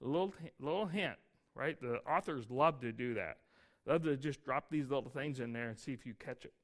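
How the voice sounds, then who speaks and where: A man's voice: mid-range voice, normal speed, a bit bright. A man preaching a sermon, explaining scripture in a conversational way with frequent rhetorical questions and reading verses aloud with emphasis. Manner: conversational Bible teaching with asides and rhetorical questions. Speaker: pastor.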